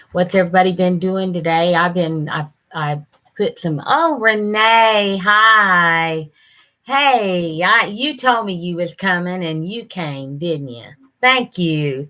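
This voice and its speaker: An older woman, chatting casually on a live stream, rambling and halting with lots of fillers. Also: on the low side, fairly bright tone. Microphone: computer camera mic.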